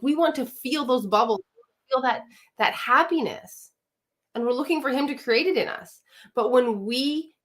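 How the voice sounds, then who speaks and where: A woman's voice: medium pitch, fairly bright tone. Direct, emphatic woman marriage coach. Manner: direct, emphatic, often asks the audience. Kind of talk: live coaching talk to an audience.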